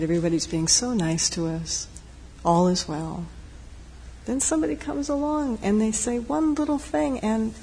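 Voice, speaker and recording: A woman meditation teacher giving a dharma talk in a gentle, reflective, unhurried way, with pauses. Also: mid-range voice. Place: meditation hall. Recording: long hall reverb, faint noise.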